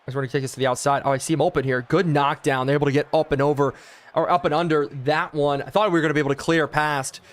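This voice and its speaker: A young man streaming a football video game, calling the plays excitedly and chatting with his viewers, his voice worn out. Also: on the high side, quick pace. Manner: excitable, talks to chat, play-by-play calls. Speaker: gaming streamer.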